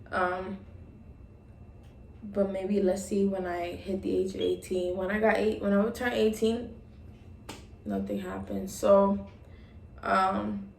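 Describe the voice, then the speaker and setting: A woman's voice: mid-range voice, vocal fry, a little mellow, slight background noise. Young woman vlogger, casual storytime, rambling with fillers, roomy recording. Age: young adult. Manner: rambling, many ums and likes, retelling dialogue. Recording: roomy echo.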